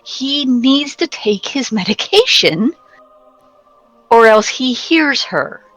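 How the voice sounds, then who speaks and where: A woman's voice: high-pitched, animated, slow, fairly bright tone, no room sound, soft background music, pitched above the performer's own voice, exaggerated voice, low-quality recording. A woman voicing a flustered former nurse who anxiously tries to soothe a patient.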